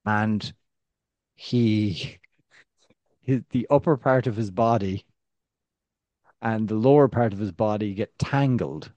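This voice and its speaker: A man co-hosting a casual football podcast, telling stories with lively restarts and a voice that rises when excited. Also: takes it slowly, long pauses, no echo, dull audio. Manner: animated storyteller, restarts, rising pitch when excited. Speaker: podcast co-host.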